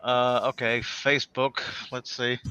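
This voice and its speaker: A man's voice: mid-range voice, little pitch movement, unhurried, pushed and bright, clean tone. A man hosting a livestream in casual chat, rambling and hesitant, repeating his words and swearing offhandedly. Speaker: livestream host.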